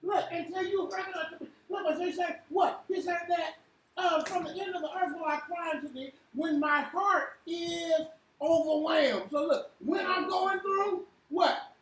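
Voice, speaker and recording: A woman leading an interactive church Bible lesson, quizzing the room with repeated "what?" and building to shouts. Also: very high-pitched, a little slow. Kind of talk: interactive sermon with call and response. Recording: echoey room from far off, faint hiss.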